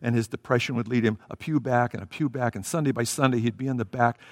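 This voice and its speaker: A man preaching a sermon in a church, animated, swinging between loud and soft as he acts out the story. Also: medium pitch, fast, no room sound, studio quality, big-room sound.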